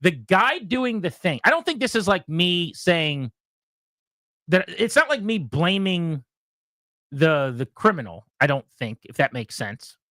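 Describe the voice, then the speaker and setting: Male sports-radio host, animated storyteller, dry close mic. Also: a little slow, dry recording. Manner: animated storytelling, mimics others in a loud high voice. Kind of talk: casual radio talk.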